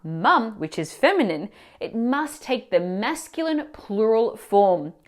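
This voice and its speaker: A woman teacher explaining grammar mistakes in clear, instructive scripted narration, asking the viewer questions. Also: fairly high pitch, very animated, slow pace. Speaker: language teacher.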